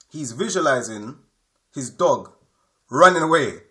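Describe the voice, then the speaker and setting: A man's voice: on the high side, sing-song, moderate pace, pushed and bright. A man giving a spiritual lesson, repeating his points emphatically and checking in with his listeners. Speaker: spiritual teacher. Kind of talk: explanatory spoken lesson.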